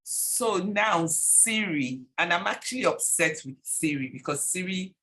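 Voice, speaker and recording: A woman's voice: fairly low pitch, a little slow. A woman podcast host with a Nigerian accent, chatting casually, laughing and acting out anecdotes. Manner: animated, laughing, acts out anecdotes. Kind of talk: casual interview chat.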